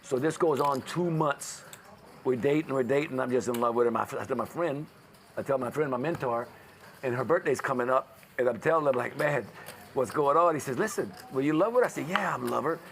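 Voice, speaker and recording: Over the din of a casino crowd around the poker table, a man with a gravelly, mid-range voice briskly spins a long tale, imitating others' voices and cursing freely.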